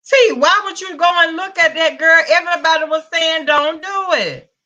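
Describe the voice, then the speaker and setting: A woman's voice: very high-pitched, fairly even intonation, a little fast, bright, forceful tone, lo-fi sound. A woman with a Southern US accent hosting a casual livestream, greeting viewers by name and calling them pet names. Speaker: livestream host. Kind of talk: casual live-stream chat.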